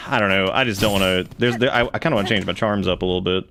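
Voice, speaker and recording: A man's voice: deep voice, racing, a bit bright. A man streaming a video game, cracking jokes and swearing casually as he plays. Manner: joking, profane, rambling. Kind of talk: casual gameplay commentary. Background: game music.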